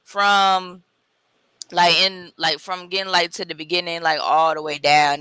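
Bright, playful co-host with slang. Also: medium pitch, normal speed, clean tone, no echo, rough recording. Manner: laid-back slang, playful imitations. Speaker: podcast co-host. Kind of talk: casual wrestling review chat.

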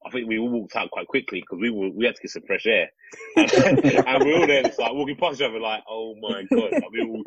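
A man, a father and podcast co-host, telling a story in a casual, animated and rambling way with many restarts. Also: mid-range voice, fast, crowd noise. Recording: slightly dull lo-fi recording.

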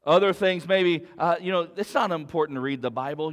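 A man's voice: a little high, brisk, hardly any pauses, long reverb tail. A man preaching a sermon as pastor, earnest and storytelling, repeating words as he builds his point.

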